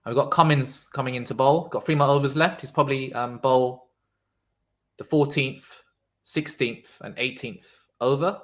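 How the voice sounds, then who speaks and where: Excitable man commentating live cricket. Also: mid-range voice, moderate pace. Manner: chatty, reacts loudly to shots, reads out chat messages. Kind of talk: casual live watchalong commentary.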